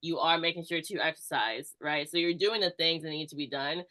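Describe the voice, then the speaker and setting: A woman's voice: low-pitched, fairly even intonation, brisk, pushed and bright. A woman strength coach and podcast guest explaining things in a casual, easygoing way, leaning heavily on "like". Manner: explains steadily, heavy use of "like". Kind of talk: casual chat.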